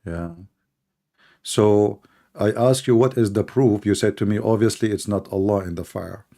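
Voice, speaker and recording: A man's voice: on the low side, moderate pace, creaky, warm tone. A man with an Arabic accent hosting a combative live debate, sarcastic and mocking, often talking over the other side. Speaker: debate host.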